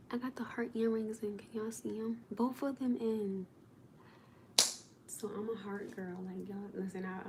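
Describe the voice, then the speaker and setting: A woman's voice: mid-range voice, noisy background. A woman casually chatting to viewers on a livestream, talking in an exasperated, chatty way to the people watching.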